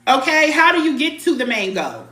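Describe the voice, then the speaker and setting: A woman's voice: high voice, sing-song, moderate pace, pushed and bright. Blunt, repetitive woman in a roomy space. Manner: blunt, emphatic, repeats phrases, mild swearing; chats to viewers by name. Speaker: spiritual reader hosting a live stream. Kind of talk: casual live-stream spiritual teaching.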